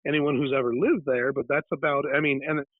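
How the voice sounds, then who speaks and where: This man's voice sits fairly high, with a steady tone and a slightly quick pace, captured dry on a tinny, phone-like line. He's an author and paranormal investigator from California, a guest in an informal interview. His lengthy story meanders, with many tangents and restarts.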